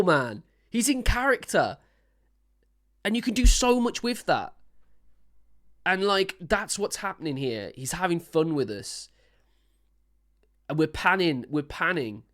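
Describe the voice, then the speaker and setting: A man's voice: a little high, sing-song, unhurried, long pauses, fairly bright tone. A man who is a singer-songwriter, giving casual, enthusiastic commentary while reacting to a song, rambling with many restarts. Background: song playing faintly.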